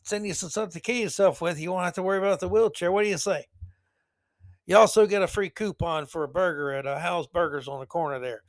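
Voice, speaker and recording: A man's voice: sits high, fast. A man voicing a mock cheery Canadian government caller with a folksy, breezy, mocking manner. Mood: chirpy mocking.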